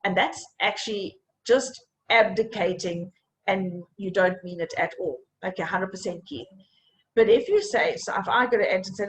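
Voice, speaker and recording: A woman's voice: mid-range voice, animated, moderate pace, slight background noise, poor audio. A woman coaching a group in a live online session, talking in an encouraging way and checking in often with "okay?".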